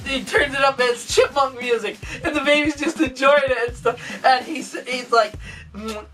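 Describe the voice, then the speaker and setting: A woman giving a casual movie review, retelling scenes excitedly with swearing, sound effects and laughter. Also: high voice, normal speed, recorded from a distance, faint music behind, rough recording.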